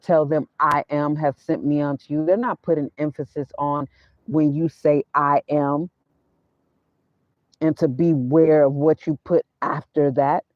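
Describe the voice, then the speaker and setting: A woman's voice: deep voice, steady tone, a little slow, dry recording. Woman preaching casually in a dry van. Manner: preachy, quotes scripture, casual slang. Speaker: vlogger. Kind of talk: casual spiritual talk. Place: inside her van. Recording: dull, dry sound.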